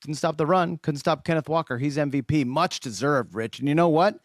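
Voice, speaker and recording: A man's voice: a little high, brisk, no echo, studio quality. A man co-hosting a casual sports debate podcast, playful and needling in his back-and-forth. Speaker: podcast co-host.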